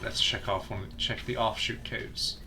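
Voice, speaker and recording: In a lowish, steady voice that runs a little slow, a man streams a game with his friends. He keeps the commentary casual, muttering jokes at his own expense as he searches around.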